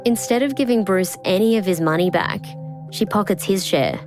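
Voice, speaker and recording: A woman narrating a true-crime podcast in a measured, scripted delivery. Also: medium pitch. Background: music bed.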